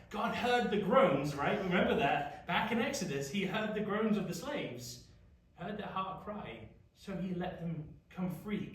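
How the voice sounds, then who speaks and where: English youth pastor in an echoey room. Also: male voice, a little high, a little hiss or hum. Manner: chatty, asks the group questions often. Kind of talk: casual youth Bible study teaching. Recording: echoey room, mic far off.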